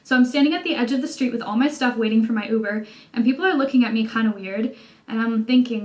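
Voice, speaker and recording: A young woman with a Canadian accent tells a story in a loose, chatty way, dropping "like" often. Her voice sits a little high. She talks casually to her camera from indoors at home. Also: fast. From Canada, Toronto. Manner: chatty, animated storytelling, many "like" fillers. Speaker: vlogger.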